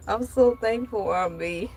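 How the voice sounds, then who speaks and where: A woman's voice: mid-range voice, darkish tone, slight background noise, low-quality recording. A woman hosting a casual vlog, reading news aloud and breaking off for playful, joking asides. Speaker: vlog host.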